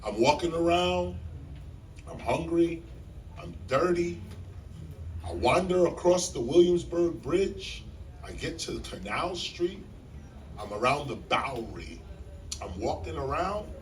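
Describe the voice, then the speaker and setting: A man telling a story to a live audience in a library hall, animated and emphatic like a preacher, repeating key lines and jumping in pitch. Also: slow pace, pauses often, far from the mic, slight background noise. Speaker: guest speaker on stage.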